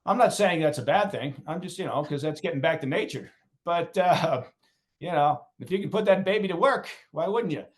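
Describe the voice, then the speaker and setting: A man's voice: fairly high pitch, expressive, moderate pace. A man as a podcast guest, speaking with dry sardonic humor and many fillers. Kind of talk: conversational interview.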